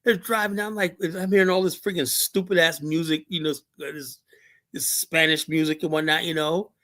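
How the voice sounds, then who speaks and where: A man's voice: on the high side, steady tone, normal speed, a bit bright. Profane rambling man on a talk show. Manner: profane, rambling, with many fillers. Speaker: show co-host. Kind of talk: heated opinion talk.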